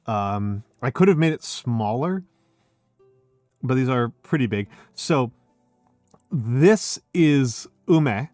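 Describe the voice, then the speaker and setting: Speaking slowly with long pauses, this middle-aged streamer has an expressive, somewhat mellow mid-range voice, recorded without room sound and backed by soft music. It's a casual drinking stream from his home, full of rambling, profanity, and self-interruptions.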